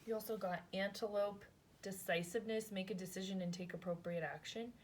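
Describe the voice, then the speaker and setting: Speaking fairly quickly with a medium pitch and mostly even intonation, this woman gives a relaxed tarot reading. She chats and rambles as she thinks aloud, leaning on "like" and "right?", and there's a little hiss or hum in the recording.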